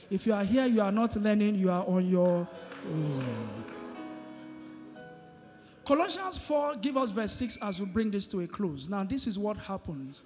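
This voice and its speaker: A man's voice: sits high, expressive, moderate pace, darkish tone. A man preaching a sermon as pastor, emphatic and drawing responses from the congregation. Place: large church hall. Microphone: handheld microphone. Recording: long hall reverb, faint music.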